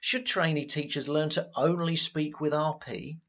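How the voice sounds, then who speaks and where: An actor playing a jolly, easily flustered host chairing a studio panel. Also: male voice, on the high side, normal speed, dull audio. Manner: jolly, flustered, lively intonation. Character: genial male radio host chairing a panel.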